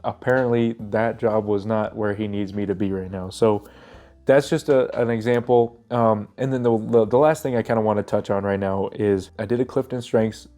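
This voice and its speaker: A man's voice: on the low side, fairly even intonation, normal speed, mellow, soft background music. A young man with a cold talking casually and earnestly to his viewers, his voice stuffy and congested, rambling with plenty of fillers and restarts. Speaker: vlogger. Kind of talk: casual talk to camera.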